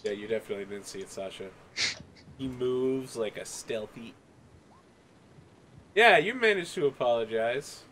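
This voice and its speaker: A man's voice: mid-range voice, expressive, moderate pace, pauses often, a bit bright, a little hiss or hum. A man narrating a tabletop game as game master in a casual, chatty way. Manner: casual, chatty, many fillers.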